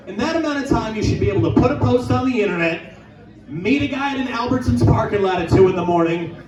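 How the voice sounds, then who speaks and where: A man doing a crude stand-up set in a bar lounge, riffing fast and shouting his punchlines. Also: sits high, expressive, reverberant, distant mic, lo-fi sound, a crowd in the background. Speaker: stand-up comedian.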